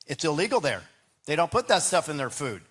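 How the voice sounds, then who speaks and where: A man's voice: fairly high pitch, big pitch swings, a little fast, a bit bright, husky. A man speaking as a political candidate in a debate, rambling, with restarts and "right?" asides. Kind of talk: debate answer.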